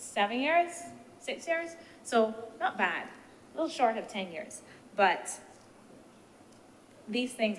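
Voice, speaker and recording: A woman senator giving a measured, deliberative speech in a senate debate, posing rhetorical questions as she weighs the points. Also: mid-range voice, a bit bright. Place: senate chamber. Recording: reverberant chamber with faint background noise.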